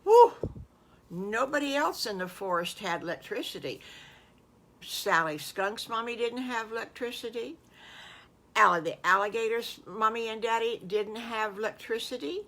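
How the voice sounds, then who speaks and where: Older woman, folksy improvised kids' story, meandering, bright voice. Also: on the high side, normal speed. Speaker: storyteller grandmother.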